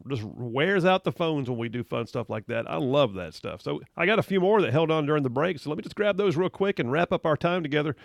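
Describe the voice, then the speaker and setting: A man hosting a call-in radio talk show, bantering quickly and upbeat with callers. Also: on the high side, expressive, creaky, no room sound. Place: radio studio. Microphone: studio mic, close.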